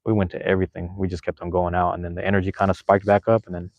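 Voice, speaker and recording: A man's voice: sits low, level tone, rapid-fire, a little mellow, no echo, highs cut off. A man in his thirties, a podcast host, rambling and swearing casually while reading chat, with many restarts.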